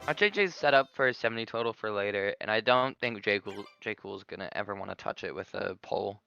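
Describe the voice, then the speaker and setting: Man, bright tense voice, co-commentator, easygoing, light music behind. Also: fairly low pitch, quick pace, gravelly, highs cut off. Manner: relaxed, self-deprecating, laughs at own slips. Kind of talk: casual live game commentary.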